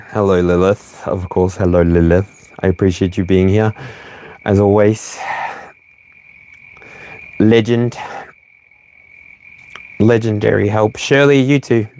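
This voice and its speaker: Smooth and a little mellow, his fairly low-pitched voice carries a playful livestream tarot reading. He slips into song and laughter between the slowly delivered readings.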